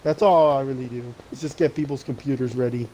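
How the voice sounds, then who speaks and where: A man's voice: medium pitch, steady tone, fast, darkish tone, a little hiss or hum, poor audio. A young man streaming, chatting casually as he games, rambling with lots of swearing and restarts. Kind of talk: casual gaming chat.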